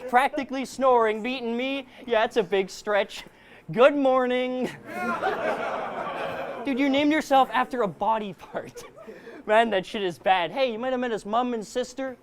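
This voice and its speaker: A battle rapper performs a live verse in an extremely high-pitched voice at a measured pace, aggressively taunting his opponent with punchlines. Crowd noise surrounds the recording.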